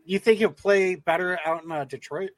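A man's voice: sits high, normal speed, dry recording. A man hosting a podcast, asking short easygoing questions in casual chat. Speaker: podcast host.

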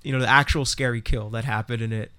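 Male co-host, mid-pitched, wisecracking side comments. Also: steady tone, over a noisy crowd. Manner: wisecracking, quick quips. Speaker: podcast co-host. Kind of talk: casual chat.

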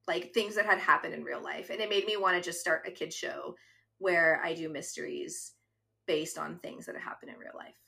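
A woman's voice: sits low, fairly even intonation, normal speed, vocal fry, sharp tone. A woman in her thirties co-hosting a podcast, chatting earnestly and reading out episode summaries. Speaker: podcast co-host. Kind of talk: casual chat.

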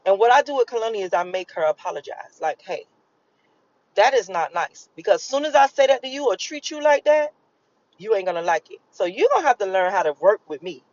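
A woman's voice: medium pitch, expressive, fast talker, a little mellow, dry recording, highs cut off. A woman talking casually and emphatically to camera, rambling and repeating herself and swearing freely as she explains a spiritual reading. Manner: rambling, emphatic and profane, with repetitions. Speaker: vlogger giving a spiritual channeling reading. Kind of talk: casual spoken monologue.

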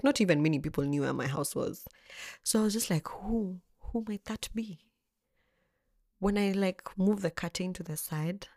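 Animated young woman telling a story. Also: fairly low pitch, creaky, no room sound, clean studio sound. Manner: animated, expressive, swears freely. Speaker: vlogger. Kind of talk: storytelling chat.

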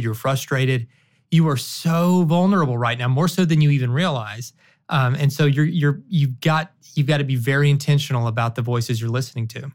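A man co-hosting a marriage podcast, giving advice in an encouraging, conversational way. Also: medium pitch. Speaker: podcast co-host. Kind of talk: casual conversation.

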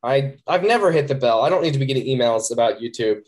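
A man in a casual podcast chat, telling rambling self-deprecating stories. His voice sits in an ordinary middle pitch. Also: expressive, fast talker, a little mellow. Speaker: podcast co-host.

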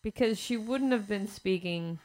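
A woman's voice: medium pitch, a little slow, a little mellow. A woman co-hosting a podcast who chats casually and answers with short, agreeable interjections. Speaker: podcast co-host. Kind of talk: casual chat.

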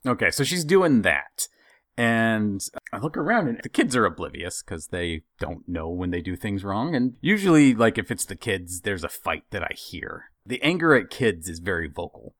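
A man's voice: lowish voice, moderate pace, dry recording, studio quality. A man telling a funny family story in casual chat, acting out the voices of the people in it. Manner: animated, acts out quoted voices.

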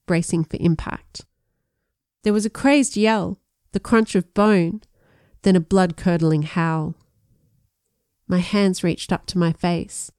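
A woman's voice: on the low side, no room sound. Woman narrating, dry close sound. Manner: measured storytelling with lively voiced dialogue. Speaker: audiobook narrator. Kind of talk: first-person audiobook narration.

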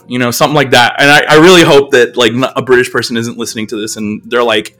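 A man's voice: mid-range voice, lively intonation, fast talker, few pauses, a bit bright, soft background music. An American man hosting a podcast, talking casually in a rambling, filler-heavy, self-deprecating way. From United States. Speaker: podcast host.

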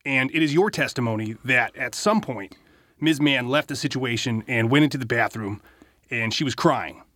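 A man's voice: mid-range voice, expressive, moderate pace, fairly bright tone, dry recording. A man, a defense lawyer, cross-examining a witness with pointed, leading questions.

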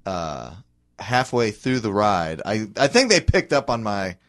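A man's voice: lowish voice, sing-song, a little slow, a bit bright. A man co-hosting a talk show, telling a story in casual chat and acting out the voices of the people in it. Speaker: co-host.

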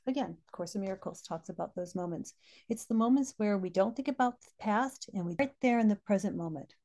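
A woman's voice: fairly low pitch, dark tone. A middle-aged woman hosting a podcast, telling heartfelt personal stories and quoting spiritual texts. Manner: heartfelt storytelling, quoting scripture. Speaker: podcast host.

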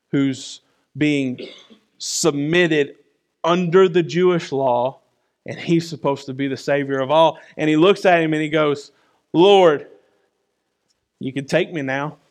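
A man preaching a sermon in a conversational way, often asking "right?" and moving between loud and soft. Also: mid-range voice. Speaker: pastor.

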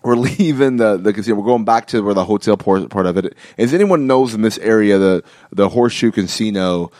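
A man's voice: fairly low pitch, a little fast, darkish tone, dry recording, studio quality. A man hosting a casual podcast chat, telling a story in a rambling way with many restarts and frequent laughter. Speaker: podcast host.

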